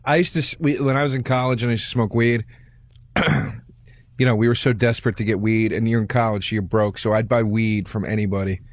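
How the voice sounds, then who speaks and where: A man's voice: on the low side, steady tone, quick pace, dry recording. A man co-hosting a podcast, telling self-mocking stories in a laid-back way in casual chat at a studio mic. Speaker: podcast co-host.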